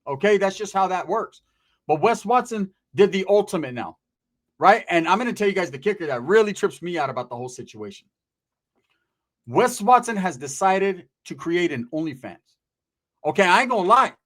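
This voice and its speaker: A man's voice: high-pitched, moderate pace. A middle-aged man telling a crude, slangy story as a podcast host, acting out the other people's lines as he goes. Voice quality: scraggly-bearded street talker, slangy. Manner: animated, profane, acts out voices in his stories. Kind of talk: profane storytelling commentary.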